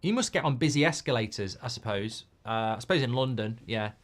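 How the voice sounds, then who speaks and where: A middle-aged man hosts a live football watchalong, chatting casually and ranting with plenty of swearing, quick to flare up at players. His mid-range voice is animated.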